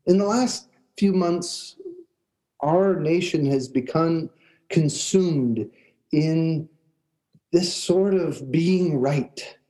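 Mellow-voiced man preaching conversationally. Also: a little high, rough recording. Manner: conversational, with restarts and pauses. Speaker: pastor. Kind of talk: storytelling sermon.

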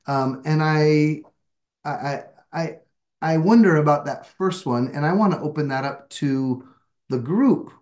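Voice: medium pitch, unhurried, a little mellow. A Bible study leader on a video call, guiding a group discussion in a reflective, searching, self-deprecating way.

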